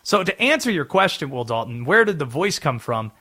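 A man's voice: a little high, very animated, brisk, pushed and bright, breathy edge. A man from North Carolina hosting a sports talk radio show, talking in a chatty, explaining way.

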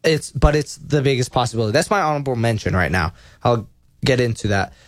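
A man's voice: medium pitch, expressive, fast talker, no echo, studio quality. Rambling young man talking soccer. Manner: rambling, self-correcting, enthusiastic. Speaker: sports talk show host. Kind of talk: casual sports talk countdown.

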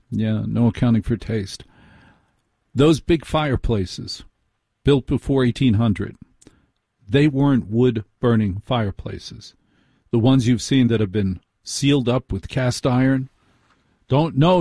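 A man hosts late-night talk radio, his voice mellow and warm. The dry, close studio sound keeps him intimate as he teases out a mystery in a conversational way. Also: mid-range voice, dry recording. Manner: conversational, teasing, builds intrigue. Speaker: radio host.

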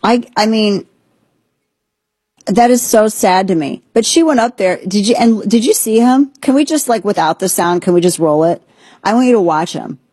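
A woman's voice: mid-range voice, normal speed, warm tone, slightly rough, dry recording. A woman hosting a political commentary show, talking in an indignant, sarcastic, emphatic way. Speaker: host.

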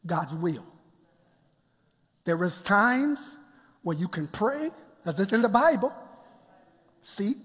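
A man with a very high, husky voice preaching a lively sermon to his congregation. He chuckles often and calls out for responses. His words ring out with a long reverb through the church. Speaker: pastor. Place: church sanctuary.

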